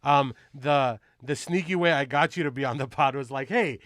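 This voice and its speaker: A man's voice: mid-range voice, moderate pace, fairly bright tone, no room sound, clean studio sound. Joking man hosting a podcast. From United States. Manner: joking, swearing, loose banter. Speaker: podcast host. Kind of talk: casual podcast chat.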